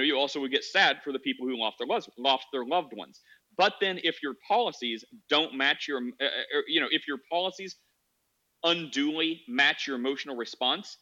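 A man's voice: on the high side, sharp tone, lo-fi sound. A man hosting a podcast, arguing his point in rambling casual talk with many restarts. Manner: rambling, restarts, quotes others in mocking voices. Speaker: podcast host. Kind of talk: casual debate chat.

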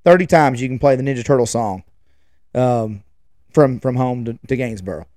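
Here a man in his 40s hosts a podcast, drifting through chatty, rambling stories full of restarts and trailing thoughts. He speaks at a moderate pace with a medium-pitched, warm voice, recorded clean in a studio with no echo.

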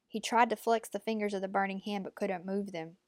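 Woman narrator, measured audiobook reading, mid pitch, dry close sound. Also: fairly even intonation, no room sound. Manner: measured, tense storytelling.

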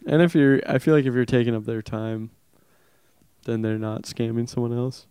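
A man's voice: mid-range voice, normal speed, warm tone, clear, resonant tone, no echo. A young man, a comedian, telling rambling stories in casual chat and laughing often.

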